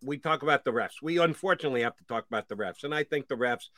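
A man's voice: medium pitch, fast talker, dry recording. A middle-aged man hosting a sports talk show, ranting and getting worked up over referee calls. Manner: animated, gets worked up, ranting. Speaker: sports radio host.

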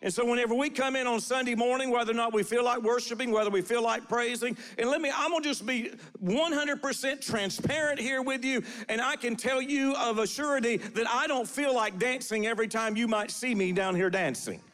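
A high-pitched man preaching in a church sanctuary, his voice trailing off into a long hall reverb. He repeats his phrases, sprinkles in "uh", and calls on the congregation to answer back. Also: a little fast, few pauses, a bit bright. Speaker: pastor. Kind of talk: sermon with prophetic declarations.

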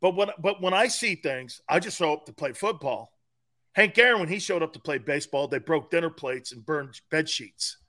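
A man's voice: fairly high pitch, moderate pace. A middle-aged man co-hosting a sports talk show, telling stories in a loose, profane way and often breaking into laughter. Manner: profane, laughing, animated retelling. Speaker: sports radio co-host. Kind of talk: casual storytelling chat.

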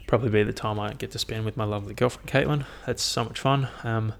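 A man's voice: lowish voice, steady tone, quick pace, vocal fry. Rambling, swearing young man. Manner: rambling, profane and laughing at his own stories. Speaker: vlogger. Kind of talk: casual solo year-review chat. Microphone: headphone mic.

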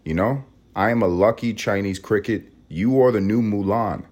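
A man with vocal fry voicing a smug, boastful male house cricket who feels insulted. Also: lowish voice, normal speed, darkish tone, natural voice. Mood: indignant. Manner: indignant, boastful.

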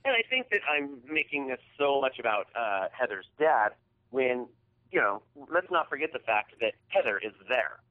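A man's voice: medium pitch, big pitch swings, normal speed. Profane man telling a story over a tinny line. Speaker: podcast co-host. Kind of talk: casual storytelling chat. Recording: tinny phone-like audio.

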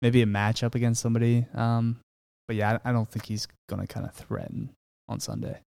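A man hosting a casual golf betting podcast, talking in a relaxed, matter-of-fact way with lots of fillers. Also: medium pitch, a little fast, creaky, clean tone. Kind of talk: casual sports betting chat.

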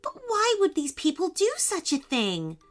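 A woman's voice: very high-pitched, huge pitch swings, a little slow, soft background music, voice pushed up, full character voice. A woman voicing an eager, easily upset young boy in a children's storybook reading.

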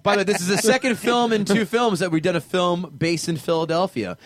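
A man's voice: high-pitched, brisk, no echo. A man co-hosting a podcast in casual chat, blunt and profane. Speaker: podcast co-host.

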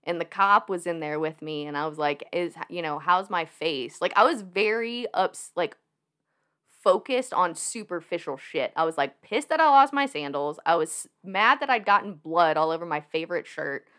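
Young woman on a podcast, chatty, lively up-and-down voice, laughs a lot, says like constantly. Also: fairly low pitch, moderate pace. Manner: animated, laughing, lots of fillers. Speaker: podcast guest. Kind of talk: casual storytelling.

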